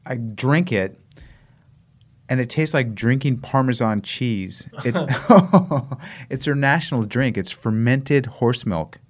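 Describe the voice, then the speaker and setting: An American man tells his travel stories in a casual interview, lively and laughing as he goes. He slips into the voices of people he met, and his pitch sits in a plain middle range. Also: slow pace. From United States. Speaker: guest, long-distance runner.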